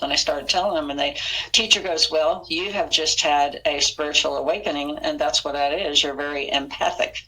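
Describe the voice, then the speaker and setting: A woman's voice: deep voice, fairly even intonation, fairly quick, pushed and bright, poor audio. A woman guest on a podcast interview, earnestly retelling her experiences and acting out the dialogue. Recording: audio interview.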